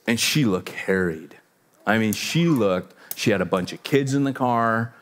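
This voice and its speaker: A man in his forties, a pastor telling a personal story in a sermon, conversational and self-deprecating, acting out the voices in his story. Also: normal speed. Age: 40s. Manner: animated, acts out quotes with big pitch jumps.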